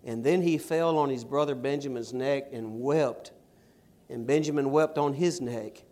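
A middle-aged man preaching a sermon and reading scripture, with emphatic stresses and quiet asides. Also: mid-range voice, measured pace. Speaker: pastor.

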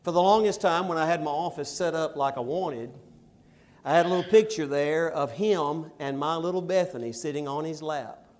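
A middle-aged man preaching a sermon and reading scripture, with emphatic stresses and quiet asides. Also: on the high side, moderate pace. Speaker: pastor.

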